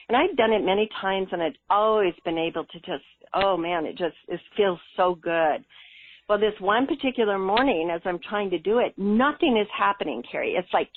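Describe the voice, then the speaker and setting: A woman's voice: lowish voice, no room sound. Guest, woman, spiritual coach, chatty storyteller who laughs a lot, heard over a thin phone line. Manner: laughs often, lively and earnest. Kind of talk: conversational storytelling.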